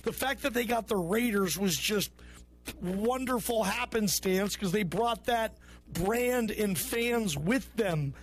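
A man's voice: sits high, takes it slowly. A man hosting a sports call-in radio show, loose and chummy with callers. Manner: loose, chummy, calls callers bro and brother. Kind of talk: casual call-in radio talk.

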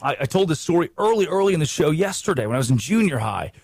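A man hosting a sports talk show, giving animated commentary with emphatic restarts and repetition. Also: on the high side, quick pace, dry recording.

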